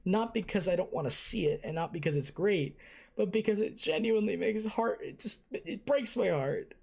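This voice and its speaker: An anime reaction host talking in casual commentary at a mid pitch. The voice gushes with emotion and swears freely. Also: animated, normal speed, gravelly, a little mellow, husky.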